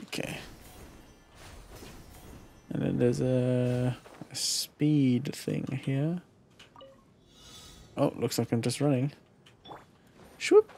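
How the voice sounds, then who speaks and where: A man streaming a video game live, chatting casually, excitable and profane, with playful shouted exclamations. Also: mid-range voice, extremely slow, gravelly, long pauses, slight background noise. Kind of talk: casual live gameplay commentary. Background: faint game music.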